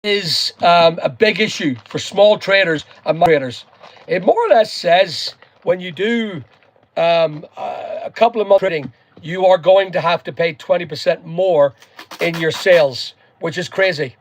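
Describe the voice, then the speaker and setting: Chatty high-voiced Northern Irish man. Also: measured pace. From Northern Ireland. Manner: rambling, chatty, greets viewers by name. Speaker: live stream host. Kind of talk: casual live chat with viewers.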